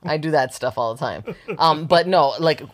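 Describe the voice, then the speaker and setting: A young woman co-hosting a casual podcast chat, talking fast and loosely and laughing often. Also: low-pitched. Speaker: podcast co-host.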